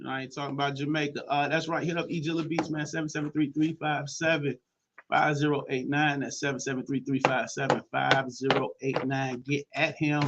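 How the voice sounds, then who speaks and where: A man from Chicago hosting a morning radio show, talking in loose, slangy banter full of shout-outs. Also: mid-range voice, flat delivery, brisk, muffled recording, slight background noise. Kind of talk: casual morning radio talk.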